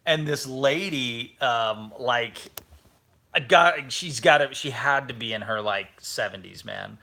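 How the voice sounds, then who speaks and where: A man in his thirties, co-hosting a casual family travel chat and telling stories with lively acted-out quotes. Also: mid-range voice, measured pace, gravelly. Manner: animated storytelling, acts out quotes. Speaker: podcast co-host.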